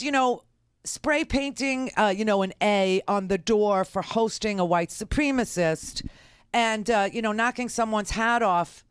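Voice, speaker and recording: A middle-aged woman radio host rants with indignant exasperation, stumbling over fillers and restarts. Her voice is smooth and resonant, recorded close and dry on a studio mic. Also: mid-range voice, no room sound. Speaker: radio talk show host. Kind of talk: political commentary monologue. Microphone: studio microphone.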